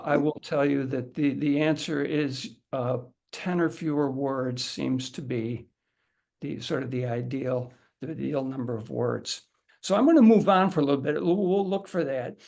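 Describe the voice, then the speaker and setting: In a casual instructional talk to an audience, a middle-aged man runs a haiku workshop, chatting conversationally and often repeating words and restarting sentences as he demonstrates aloud. His mid-range voice has vocal fry, a slightly mellow quality, fairly even intonation, and a normal speed.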